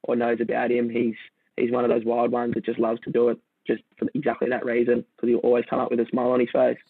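A man's voice: medium pitch, completely flat delivery, fast, vocal fry, slightly rough, no echo. An Australian man telling a surfing story as a podcast guest, laid-back and rambling, with many restarts. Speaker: guest surfer. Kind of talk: casual storytelling conversation. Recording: dry, tinny phone-like line.

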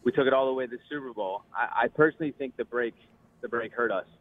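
Male radio caller, earnest, a bit halting, phone-line sound. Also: mid-range voice. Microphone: telephone.

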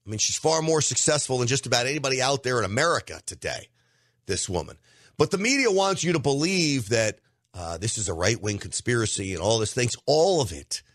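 A man's voice: mid-range voice, animated, a little fast, a bit bright, no room sound, studio quality. Emphatic middle-aged male commentary host. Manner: emphatic, talks straight to listeners. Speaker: podcast host. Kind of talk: opinion commentary monologue.

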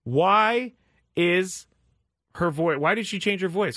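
A man hosting a sports talk show, chatting casually and rambling with frequent restarts and sudden jumps in pitch. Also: moderate pace, a bit bright, dry recording, studio quality. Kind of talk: casual chat.

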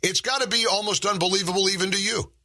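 A man's voice: high-pitched, steady tone, fast, pushed and bright. A man hosting a conversational interview, rambling with frequent restarts as he tells anecdotes. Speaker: talk show host.

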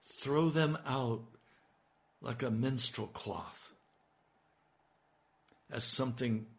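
A man's voice: medium pitch, extremely slow, creaky. A man preaching a sermon, building to emphatic, urgent appeals. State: hiccups. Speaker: radio preacher.

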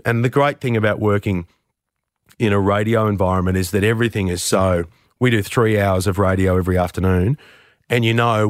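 A middle-aged man recounts his own mishaps with a candid, self-deprecating ease. His voice sits low, and the dry close-mic sound leaves no room around it. He picks up energy as the story turns funny. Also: dry recording. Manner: candid, self-deprecating, animated when telling anecdotes. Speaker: radio host, interview guest. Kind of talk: conversational storytelling.

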